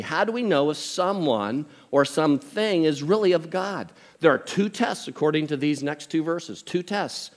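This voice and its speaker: An older man preaching a sermon as pastor, conversational, with jokey asides. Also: a little high. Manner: conversational, jokey asides, animated impressions of family.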